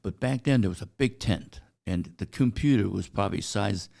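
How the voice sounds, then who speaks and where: An older Chinese man, a native speaker of Chinese, recounts anecdotes as a guest in a laid-back interview. His deep, gravelly voice has a darkish tone, and he speaks slowly and haltingly with frequent "uh" pauses.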